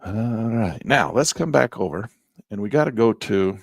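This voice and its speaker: A man teaching trading as he walks through a chart, in a folksy, animated way with slangy asides. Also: fairly low pitch, moderate pace, vocal fry, slightly rough, no room sound, studio quality. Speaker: trading instructor. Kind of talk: chart-walkthrough lesson.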